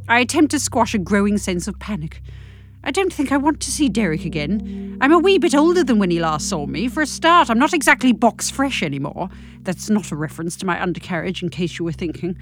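A woman's voice: mid-range voice, sing-song, a little fast, a little hiss or hum. A woman narrating a comic story in a wry, self-deprecating, theatrical way. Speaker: host and narrator. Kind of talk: comic first-person narration.

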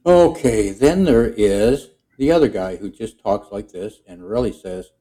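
A man chatting casually on a podcast in a rambling, halting way as he introduces his character voices. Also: on the low side, expressive, warm tone, low-quality recording. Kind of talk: casual chat.

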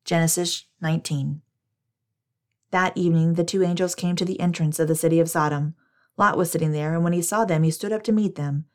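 A woman narrating scripture in a steady, measured reading. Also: fairly low pitch.

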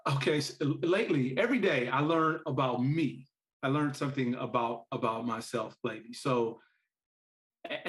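A man, a parent and author, telling stories as a podcast guest, acting out quoted lines and laughing often. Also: mid-range voice. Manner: animated storyteller who acts out quotes and laughs often. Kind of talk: podcast interview storytelling.

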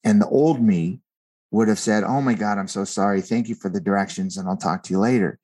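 A man's voice: on the low side, brisk, mellow. A man, a guest and author, telling a personal story in an earnest conversational way, often repeating words as he starts a thought.

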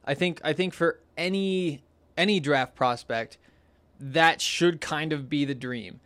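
Young man, podcast host, casual rambling talk, lots of fillers, slightly high voice, dry close sound. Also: measured pace, a bit bright, dry recording. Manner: rambling and chatty, with many fillers and restarts.

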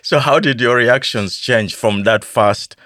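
A man hosting a podcast, asking calm questions and giving short affirmations to his guest. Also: mid-range voice, a little slow, no echo, studio quality. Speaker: podcast host. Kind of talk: interviewing a guest.

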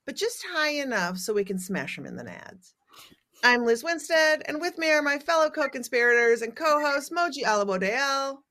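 A woman's voice: high voice, big pitch swings, normal speed, bright, forceful tone. A middle-aged woman hosting a comedic talk show, telling stories in a wry, irreverent, profane way. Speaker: host. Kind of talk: casual comedic chat.

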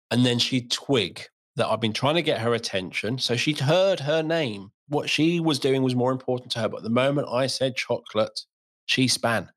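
बातूनी ब्रिटिश पुरुष पॉडकास्ट होस्ट. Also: male voice, medium pitch. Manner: animated storytelling, acts out voices. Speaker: podcast host. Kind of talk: casual chat.

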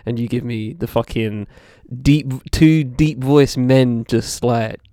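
A man's voice: mid-range voice, takes it slowly, dark tone, no echo, clean studio sound. A man co-hosting a music podcast, rambling with lots of fillers and joking exasperation. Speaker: podcast co-host. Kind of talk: casual chat about music.

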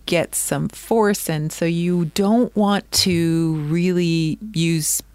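A woman co-hosting a podcast in casual chat, animated and quick to laugh, slipping into playful impressions. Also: on the low side, clear, resonant tone, dry recording. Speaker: podcast co-host.

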